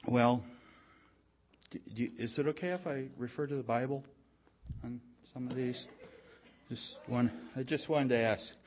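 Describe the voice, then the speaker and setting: A man preaching a sermon, telling a story and checking in with his listeners, growing louder at dramatic moments. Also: mid-range voice, a little hiss or hum. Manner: storytelling, repeats "okay?" to the audience; slow and deliberate, swelling louder at dramatic moments.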